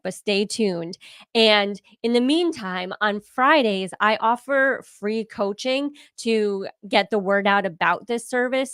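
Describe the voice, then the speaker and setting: A woman coach wrapping up her guest talk on a video call, friendly and brisk. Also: medium pitch, fairly bright tone, clear, resonant tone, dry recording, studio quality. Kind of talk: closing remarks on a call.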